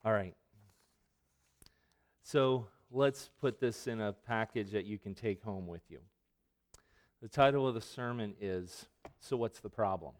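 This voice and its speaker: A man preaching a sermon as pastor, moving from conversational asides to the congregation into emphatic, loud passages when he quotes scripture. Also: lowish voice, a little slow, long pauses.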